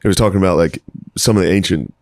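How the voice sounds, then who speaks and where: A man's voice: low-pitched, rapid-fire, dry recording. A man in his thirties co-hosting a comedy podcast, riffing with a laid-back, dry sense of humor. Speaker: podcast co-host. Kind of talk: casual comedic chat.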